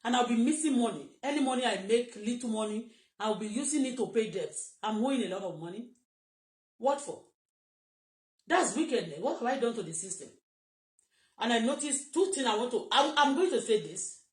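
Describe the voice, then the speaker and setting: A woman's voice: a little high, animated, moderate pace. A woman with a Nigerian accent on a live stream, rambling and agitated, repeating herself and switching into Yoruba at times. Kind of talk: emotional live-stream monologue. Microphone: phone. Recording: echoey room.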